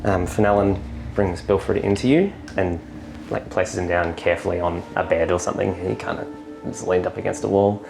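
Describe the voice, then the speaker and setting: Low-voiced man running a tabletop game. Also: fairly even intonation, moderate pace, creaky, over music. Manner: loose, rambling, lots of ums. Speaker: game master.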